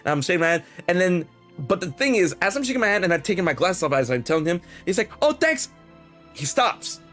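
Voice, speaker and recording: A young man hosting a podcast, telling a long story in a rambling, animated way with many restarts and quoted dialogue. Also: high voice, fast, soft background music. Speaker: podcast host. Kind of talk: casual storytelling chat.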